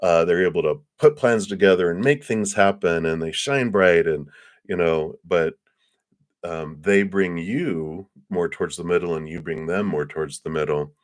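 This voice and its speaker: A man giving a live-stream tarot reading, chatty and excitable, with lots of fillers. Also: sits low, normal speed. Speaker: tarot reader.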